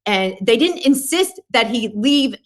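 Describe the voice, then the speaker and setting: A woman's voice: a little high, expressive, a little slow. A woman giving frank, emphatic legal commentary on a talk show panel. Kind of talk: panel discussion.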